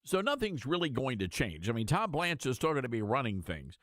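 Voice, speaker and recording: A male talk radio host giving sarcastic, animated commentary with mocking asides. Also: mid-range voice, fairly quick, no room sound, clean studio sound.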